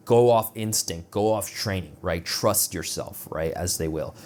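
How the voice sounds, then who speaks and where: A man's voice: deep voice, unhurried, a little mellow. A young man telling a personal story in casual, rambling talk, full of filler words and swearing, acting out the other people in it. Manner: rambling, profane, heavy filler words, laughs at his own jokes; acts out other people's lines in quoted voices. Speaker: vlogger.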